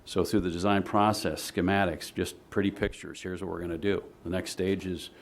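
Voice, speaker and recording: Deep, gravelly-voiced man presenting. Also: fairly even intonation. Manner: measured and explanatory, with frequent "uh" fillers. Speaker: project consultant presenting to a city commission. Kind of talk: public meeting presentation. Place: city commission meeting chamber.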